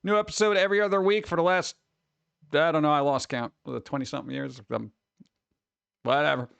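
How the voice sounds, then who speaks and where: A man hosting a casual livestream, chatting with viewers in a jokey, excitable way, with sudden exclamations. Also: on the high side, a little fast, vocal fry, clean tone, no room sound. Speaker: livestream host.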